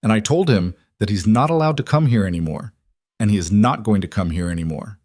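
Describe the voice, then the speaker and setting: Quiet protective mafia boss, played by a man: calm, low, unhurried. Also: no room sound, studio quality.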